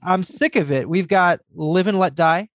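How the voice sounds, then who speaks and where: A man's voice: high-pitched, normal speed, no room sound, clean studio sound. A man co-hosting a podcast, chatting casually and joking with enthusiasm. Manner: lively, jokey, enthusiastic. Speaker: podcast co-host.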